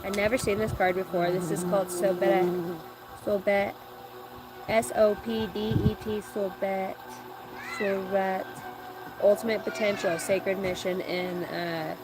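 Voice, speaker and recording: A woman's voice: mid-range voice, little pitch movement, measured pace, rough recording. A woman doing a live-stream oracle card reading, chatting playfully and joking with her viewers.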